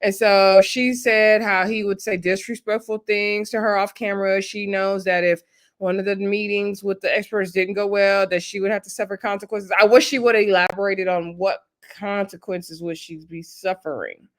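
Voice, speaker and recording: A woman casually recapping a reality show episode, chatty and animated, laughing often and acting out what people said, with slang like "y'all". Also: medium pitch, normal speed. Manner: uses Southern US slang like y'all and child.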